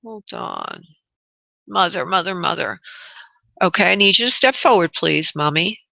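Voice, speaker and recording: A woman hosting a call-in radio show as a medium, talking affectionately to callers and calling them honey, with frequent pauses and restarts. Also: on the low side, animated, gravelly, pushed and bright, no room sound, lo-fi sound. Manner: hesitant, many pauses and restarts. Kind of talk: casual call-in radio chat.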